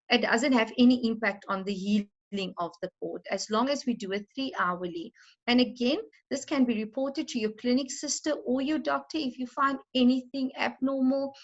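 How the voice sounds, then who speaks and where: A middle-aged woman from South Africa, a maternity nurse gently and reassuringly teaching parents how to care for a newborn. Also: on the high side, highs cut off. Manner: gentle, reassuring, addresses listener as mommy. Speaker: antenatal class nurse. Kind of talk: instructional talk to parents.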